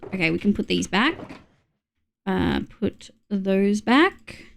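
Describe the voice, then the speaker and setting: A young woman from Australia, streaming a game and chatting with her viewers in a loose, casual way. Her voice sits a little high for a woman, and she swears freely and yelps at sudden scares. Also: sing-song, measured pace, vocal fry. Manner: chatty, swears often, reacts loudly to jump scares. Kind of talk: casual gaming livestream chat.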